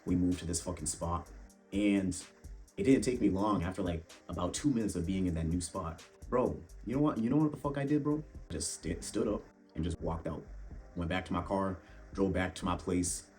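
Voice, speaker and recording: A man's voice: sits low, moderate pace, a little mellow, soft background music. A young man giving blunt, profane dating advice straight to the viewer, addressing them as bro. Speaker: fitness and dating vlogger. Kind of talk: casual monologue to camera.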